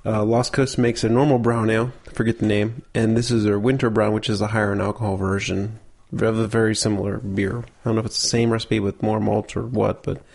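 A man co-hosting a casual beer tasting podcast, relaxed and explaining beer facts as he thinks aloud. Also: on the low side, brisk, vocal fry. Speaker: podcast co-host.

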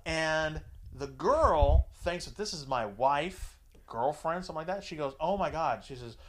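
A man hosting a podcast, telling a story in a casual, profane, animated way and acting out both sides of the dialogue. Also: a little high, unhurried, a little hiss or hum. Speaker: podcast host.

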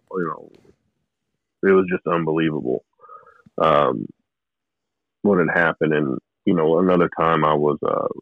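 A man with a very low voice tells his story as a guest, halting and rambling but earnest. He comes through a narrow, phone-like line. The sound is dry and close, with no room around it. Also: no room sound. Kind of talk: personal testimony in conversation.

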